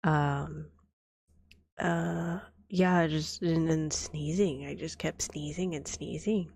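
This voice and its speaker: Whispering through a role-play, a vtuber streamer coughs from a cold, her deep voice steady and gravelly with fry. She speaks softly and slowly, rambling and letting thoughts trail off. A close microphone captures it dry, with no room sound or echo.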